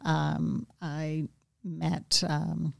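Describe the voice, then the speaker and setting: Low, gravelly-voiced woman in conversation. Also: flat delivery, no echo, studio quality. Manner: thoughtful, measured, with fillers. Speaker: interview guest, gallery director. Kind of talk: casual conversation.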